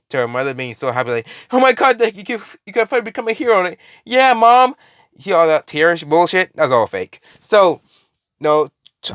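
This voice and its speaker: A man's voice: mid-range voice, fairly bright tone, dry recording, studio quality. A man casually retelling a fan story, rambling with lots of fillers, restarts and swearing.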